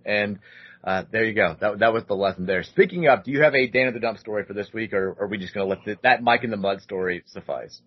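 A man in his thirties tells a story on a casual podcast, slipping into other people's voices as he goes. His voice is a little husky and the audio sounds muffled. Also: on the low side, fast talker. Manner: animated storyteller, acts out other voices with lots of "like". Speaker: podcast host.

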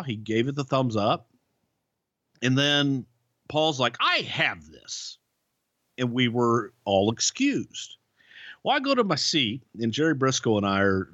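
A man's voice: mid-range voice, a bit bright, dry recording. Profane, rambling man spinning road stories. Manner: profane, rambling anecdotes with restarts. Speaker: podcast co-host, former wrestling writer. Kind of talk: casual storytelling. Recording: dull, lo-fi podcast audio.

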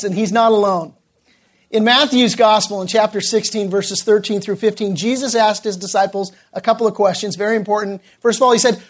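A male pastor delivers a sermon, telling a story full of filler pauses and slowing down to emphasize points. His voice sits high.

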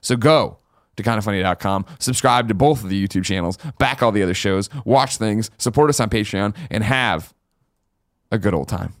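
A man co-hosting a podcast, chatting casually in a fast, animated, playful way. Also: lowish voice, dry recording, clean studio sound. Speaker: podcast co-host. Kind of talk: casual chat.

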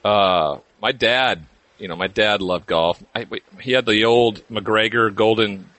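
A man guesting on a golf podcast, telling his story in an easygoing way with small "uh" pauses. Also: lowish voice, a bit bright, dry recording. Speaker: guest, former football player. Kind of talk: relaxed interview storytelling.

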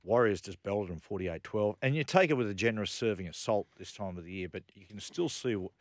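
A middle-aged radio host with a lowish voice, telling stories with animated energy. His voice is dry and close to the studio microphone. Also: fairly quick, no room sound. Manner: animated storyteller, laughs through his anecdotes. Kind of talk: casual radio chat.

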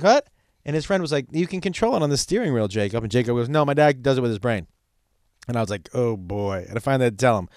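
A man's voice: a little high, smooth, dry recording. Middle-aged guy riffing on stories, cussing a lot, voice jumps all over, dry close sound. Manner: profane, animated storytelling. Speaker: comedian. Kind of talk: stand-up style storytelling.

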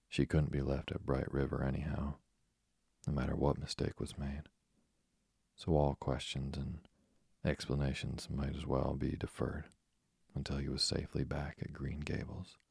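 A man narrating a bedtime story in a slow, soothing reading. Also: rumbling low, gravelly, a little mellow, husky, dry recording, studio quality.

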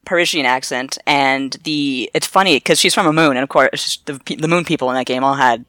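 A woman's voice: rumbling low, brisk, a bit bright, no room sound, clean studio sound. A woman from Canada co-hosting a casual podcast, joking around and laughing easily. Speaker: podcast co-host.

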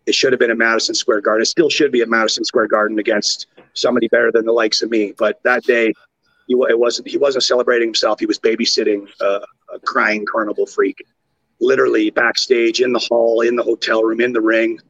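A man with a Canadian accent tells stories on a podcast, animated and profane. His voice is husky, with plenty of gravelly fry. The sound is dry and slightly dull. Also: medium pitch, fast talker, dry recording. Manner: animated, profane, jumps into impressions. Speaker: podcast guest, former wrestler. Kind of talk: casual storytelling.

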